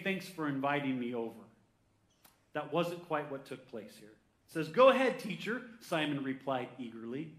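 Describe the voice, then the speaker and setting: A man preaching a sermon with energy, who reads scripture slowly and calls out to the congregation for answers. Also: fairly high pitch, fairly bright tone, roomy sound. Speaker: pastor.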